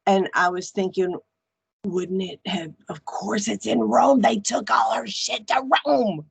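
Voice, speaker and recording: A woman guest in casual chat, animated and frank, swearing freely as she talks about her faith. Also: medium pitch, measured pace, vocal fry, husky, no room sound. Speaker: podcast guest, archpriestess.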